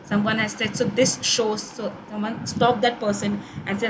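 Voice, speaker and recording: A woman's voice: medium pitch, level tone, moderate pace, hardly any pauses, very noisy. A young woman with an Indian English accent, giving an online course tutorial in a conversational way, with many fillers and restarts.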